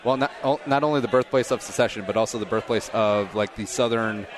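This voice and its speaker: A middle-aged man hosting a podcast, chatting casually and cracking quick jokes. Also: lowish voice, crowd noise. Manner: joking, quick asides. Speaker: podcast host. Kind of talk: casual chat.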